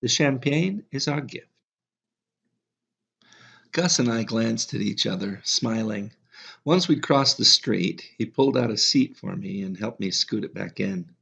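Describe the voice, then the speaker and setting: A male audiobook narrator with a low, deeply gravelly voice and a husky edge. His reading is calm and measured. The audio is slightly muffled and lo-fi. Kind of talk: scripted narration.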